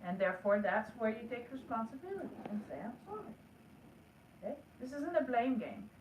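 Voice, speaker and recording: A woman's voice: fairly high pitch, animated, a little fast, a little hiss or hum. A woman teaching a spiritual lesson in an earnest, coaching way, acting out the inner talk she asks listeners to have with themselves. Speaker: energy work teacher. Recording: echoey room, voice heard from a distance.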